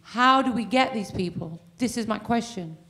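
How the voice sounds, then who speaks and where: A woman in the audience speaking up as a local resident, heartfelt and halting, with pauses and fillers. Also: a little high, pushed and bright. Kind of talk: question from the floor.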